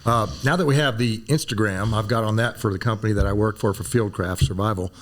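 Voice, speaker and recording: An older man in his sixties, a former Army medic, telling animated stories in a relaxed conversation and acting out other people's voices. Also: lowish voice, fast. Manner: animated storyteller, acts out voices. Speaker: guest, former Green Beret physician. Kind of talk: storytelling in a conversation.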